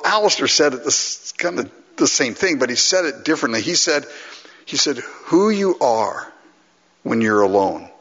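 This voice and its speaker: A man's voice: medium pitch, fairly bright tone, breathy edge. Man preaching in a reverberant hall. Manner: conversational preaching with repeated restarts and asides to the congregation. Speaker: pastor. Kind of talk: sermon. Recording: dull lo-fi recording with long hall reverb.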